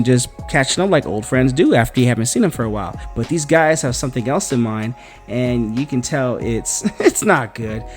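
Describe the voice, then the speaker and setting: A man casually recapping a comic book story in a slangy, chatty way, with faint music behind. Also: mid-range voice. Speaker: comic book channel host.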